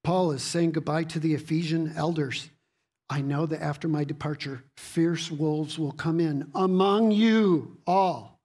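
Slow husky preacher. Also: mid-range voice, darkish tone. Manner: teaching, rhetorical questions, repeats words; reads scripture aloud to a congregation. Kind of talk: sermon.

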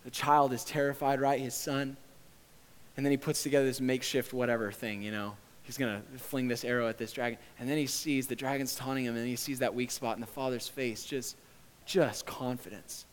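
A man's voice: medium pitch, steady tone, normal speed. Earnest male pastor in an echoey church. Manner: conversational, earnest, often swelling to impassioned shouting. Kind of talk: sermon.

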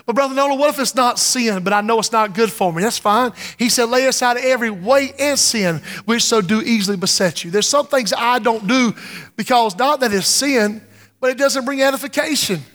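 High-voiced preaching man in a reverberant church. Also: brisk. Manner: fervent preaching, drops to hushed tones and breaks into song. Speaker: pastor. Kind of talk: sermon. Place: church sanctuary. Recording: reverberant church hall with music.

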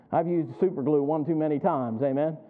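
Through a tinny, phone-like recording, a male pastor delivers a church sermon at normal speed in a slightly high voice. He's folksy and jokey, regularly quizzing his listeners.

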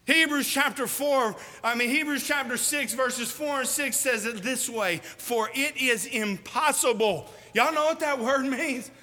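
A man's voice: very high-pitched, unhurried, hardly any pauses, bright, forceful tone. A man preaching a sermon, emphatic and folksy, firing questions at the congregation. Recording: reverberant hall.

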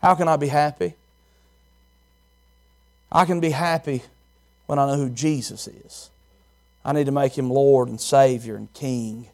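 A man's voice: mid-range voice, moderate pace, long pauses. A man preaching a sermon as pastor, repeating phrases and asking the congregation questions.

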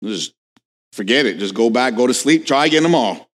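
A man preaching a sermon as pastor, swinging from hushed lines to shouted questions, telling stories with casual asides. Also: medium pitch, expressive, a little fast. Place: church sanctuary. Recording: long hall reverb.

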